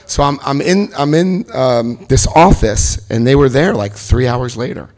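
A man in his fifties giving personal testimony at a recovery meeting, an animated storyteller who jokes and jumps into high voices for quotes. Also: measured pace. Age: 50s.

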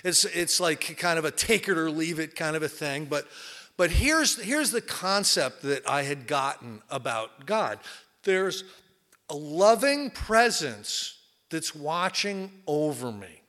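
A man's voice: a little high, sing-song, takes it slowly, pushed and bright. A man from New Jersey giving a candid, rambling personal testimony at a recovery meeting, full of fillers and repeats. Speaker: recovery speaker.

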